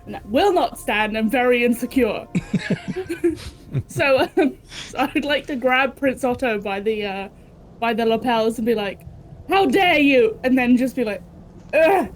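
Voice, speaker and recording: A woman's voice: on the high side, normal speed, a little hiss or hum, poor audio. A British woman playing a tabletop game, bold and playful. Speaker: player. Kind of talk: tabletop role-play.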